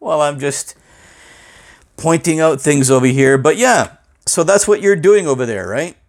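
A man hosting a casual comedy interview, with deadpan teasing and plenty of swearing. His voice sits high and moves around a lot. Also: a little slow. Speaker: host.

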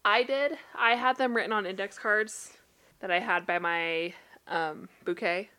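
A young woman from Utah, a podcast co-host chatting casually, animated and laughing often as she tells stories. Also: clear, resonant tone. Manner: animated storyteller, laughs often, quick bursts of rising pitch. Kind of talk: casual chat.

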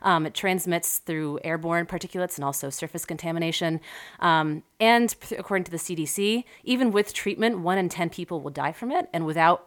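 A woman co-hosting a podcast, telling a story and quizzing her co-hosts in a relaxed, casual way. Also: fairly low pitch, fairly quick. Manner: relaxed storyteller, laughs easily. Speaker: podcast co-host. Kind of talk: casual chat.

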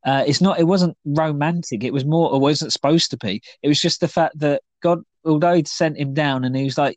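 A man's voice: on the high side, brisk, few pauses, dry recording. A man co-hosting a podcast in casual chat, talking in a rambling, playful way with many fillers. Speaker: podcast co-host.

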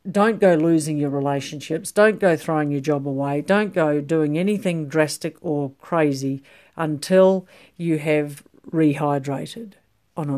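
A woman's voice: low voice, a little mellow. Chatty middle-aged woman health coach. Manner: chatty, rambling, frequent ums and restarts. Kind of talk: casual talk to camera.

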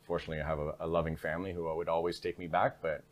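A man's voice: sits low, level tone, rapid-fire. A man speaking frankly in an interview, telling his story in a casual, conversational way and often tagging his sentences with "right?". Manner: frank, repeats "right?" tags. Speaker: interview guest.

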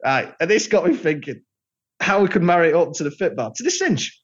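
A man's voice: fairly high pitch, big pitch swings, a little fast. A man co-hosting a podcast, rambling through self-mocking jokes in casual chat. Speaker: podcast co-host. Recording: dull lo-fi podcast audio.

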